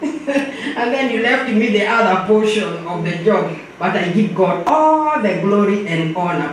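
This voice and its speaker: A woman's voice: mid-range voice, slight background noise. An older woman with a Kenyan accent speaking fervently and preacher-style at a memorial service, heard from far off in an echoey church hall. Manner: fervent, preacherly, repeats "praise the Lord".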